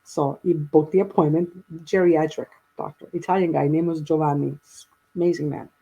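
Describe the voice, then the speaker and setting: A woman's voice: deep voice, fairly even intonation, normal speed, dark tone, breathy edge, lo-fi sound. A woman in her fifties, a guest telling a long personal story in a rambling way, with many restarts and quoted dialogue.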